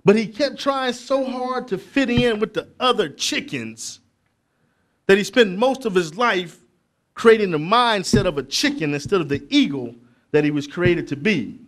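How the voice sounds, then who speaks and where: A middle-aged man, giving a motivational speech to young people at a conference, preacherly and building to loud emphatic peaks with asides to the crowd. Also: sits high, lively intonation, a little slow. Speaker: motivational speaker. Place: conference hall.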